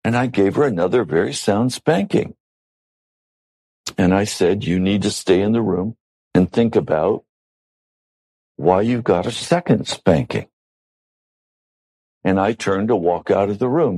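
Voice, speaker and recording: A middle-aged man preaching a sermon in a slow, measured, deliberate way. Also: sits low, expressive, warm tone, rough recording. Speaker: pastor.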